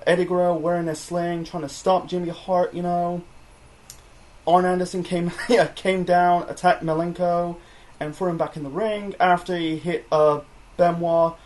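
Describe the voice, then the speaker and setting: A man's voice: high voice, darkish tone. A young man reviewing wrestling in a rambling, casual chat full of fillers and self-corrections.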